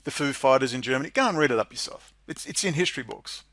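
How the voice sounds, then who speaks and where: A man reading out a policy document and ranting about it in sarcastic commentary, often breaking into mocking, high-pitched laughter. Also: lively intonation, fast, fairly bright tone, dry recording, clean studio sound. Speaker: political commentary vlogger.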